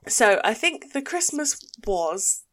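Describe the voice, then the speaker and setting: Essex woman podcasting, bright voice, chatty storyteller who swears a lot. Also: fairly high pitch, slow. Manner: animated, swears and laughs while telling stories. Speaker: podcast host. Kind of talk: casual storytelling.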